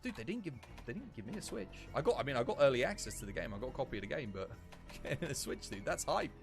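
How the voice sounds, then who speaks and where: A man's voice: mid-range voice, big pitch swings, fast talker, soft background music. A man giving jokey live commentary while streaming a game, laughing often.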